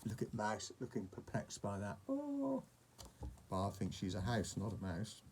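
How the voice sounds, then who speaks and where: A man reading a picture book aloud to a child, pausing to point at pictures and ask questions. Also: lowish voice, steady tone, a little hiss or hum. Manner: gentle asides, asking the child questions.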